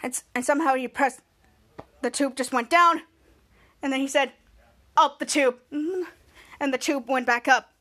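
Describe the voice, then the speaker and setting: A woman's voice: sits high, steady tone, moderate pace, long pauses, bright, forceful tone. A woman hosting a podcast, retelling a TV episode in a rambling way with many restarts and acted-out quotes. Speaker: podcast host. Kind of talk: casual episode recap.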